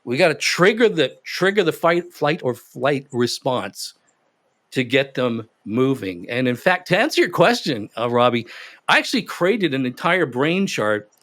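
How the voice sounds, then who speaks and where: A man in an interview, telling stories in an animated, emphatic way. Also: mid-range voice, unhurried. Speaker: guest expert. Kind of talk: interview conversation.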